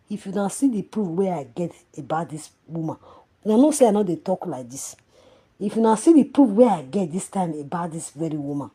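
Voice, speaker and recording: A Nigerian woman ranting in a gossip vlog, mocking and angry, swinging from loud shouting to a low mutter. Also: slightly rough. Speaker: social media commentator.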